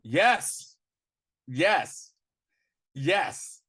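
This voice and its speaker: Male podcast host, fairly high voice, casual slang, animated storyteller. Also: very slow, husky. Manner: animated, slangy, acts out quotes in bursts. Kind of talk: casual movie review chat.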